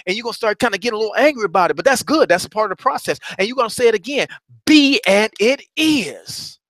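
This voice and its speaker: A middle-aged man delivers a motivational talk, repeating phrases like a preacher and building passion as he goes. His voice is somewhat high and bright with a forceful edge, recorded dry and close. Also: lively intonation, racing, no room sound. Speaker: motivational coach.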